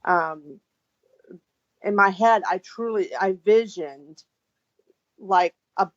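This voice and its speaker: A podcast co-host chatting casually and haltingly, with restarts and fillers. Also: medium pitch, no echo, muffled recording.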